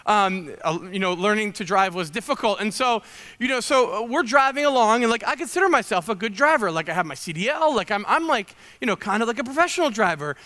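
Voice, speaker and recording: A man's voice: sits high, animated, quick pace, bright, forceful tone, big-room sound. A man in his thirties preaching a sermon, telling chatty self-deprecating stories full of fillers. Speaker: pastor.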